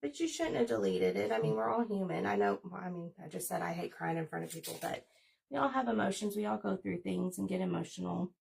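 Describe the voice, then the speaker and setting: A woman's voice: mid-range voice, fast, gravelly, darkish tone, breathy edge, distant mic. A woman in her forties chatting casually and rambling as she hosts a crafting livestream. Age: 40s. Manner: chatty, rambling, talks while working.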